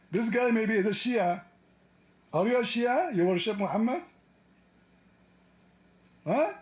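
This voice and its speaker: Mocking, combative high-voiced man. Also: big pitch swings, slow pace, pauses often, a little mellow, echoey room. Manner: mocking and combative, taunts and laughs at caller. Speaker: debate livestream host. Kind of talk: heated live call-in debate.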